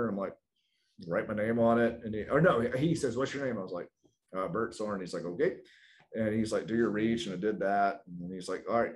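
A man telling a personal story in a relaxed, animated way, laughing often and acting out what people said. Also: mid-range voice, a little hiss or hum. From South Carolina, US. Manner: animated, laughs often, acts out quoted lines. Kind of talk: casual storytelling.

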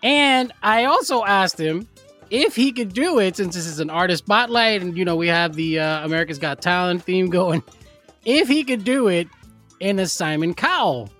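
A woman's voice: lowish voice, animated, normal speed, fairly bright tone, faint music behind. A woman hosting a show, setting up a segment in a chatty way and laughing between phrases. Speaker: show host.

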